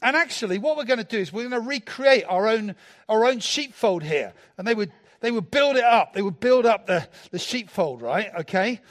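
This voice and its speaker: A man's voice: high voice, normal speed. A man. He preaches playfully and jokes with the people in front of him. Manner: playful, animated, jokes with the congregation. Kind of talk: sermon.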